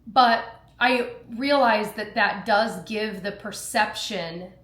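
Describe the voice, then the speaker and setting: A lifestyle vlogger in her thirties talks slowly in a mid-range, fairly bright voice. She rambles casually to her viewers while doing chores, poking fun at herself along the way.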